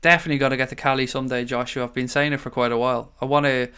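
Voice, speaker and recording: A man's voice: mid-range voice, level tone, racing, pushed and bright, clear, resonant tone. An Irish man hosting a casual live stream, reading out viewer comments and greeting people as mate and buddy. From Ireland. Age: adult father of young children.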